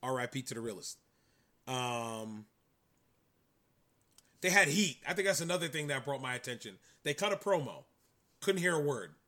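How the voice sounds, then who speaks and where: A man's voice: medium pitch, lively intonation, moderate pace, long pauses, bright, forceful tone. A man co-hosting a podcast, chatting in a rambling, enthusiastic way. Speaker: podcast co-host. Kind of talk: casual chat.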